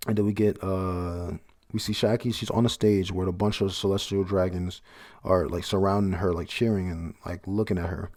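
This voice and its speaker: A man's voice: low voice, fairly even intonation, a little fast, a little mellow. A man reading through a comic chapter aloud in a casual, blunt way, swearing freely and reacting as he goes. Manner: reads panels aloud, blunt, swears freely, laughs at surprises. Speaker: manga chapter reviewer.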